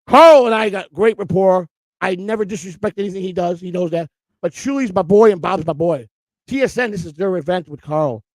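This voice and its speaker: A man's voice: high-pitched, fairly quick, no echo. A man co-hosting a streamed morning show, ranting in a profane, repetitive and emotional way. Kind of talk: heated livestream rant.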